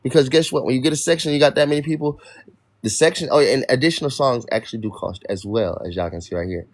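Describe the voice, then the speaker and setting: A man's voice: medium pitch, fast. A young man hosting a livestream, venting in an irritated, profane rant to his chat. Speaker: livestream host. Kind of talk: ranting livestream talk to chat.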